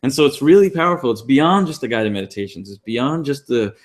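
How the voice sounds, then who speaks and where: A man's voice: mid-range voice, expressive, fairly quick. A man co-hosting an online class, talking casually with many fillers and restarts. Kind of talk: casual teaching talk. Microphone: online class call.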